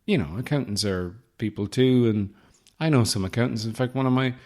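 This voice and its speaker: A man hosting his own comedy podcast, rambling through deadpan absurd asides close to the mic. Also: mid-range voice, a little fast. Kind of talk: solo comedic podcast monologue. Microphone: close podcast microphone.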